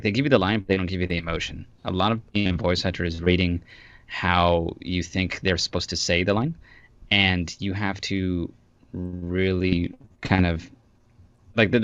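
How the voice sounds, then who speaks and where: Very deep-voiced man on a muffled call. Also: a bit bright, no echo. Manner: easygoing, joking. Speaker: voice actor guest. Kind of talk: casual interview chat. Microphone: online call.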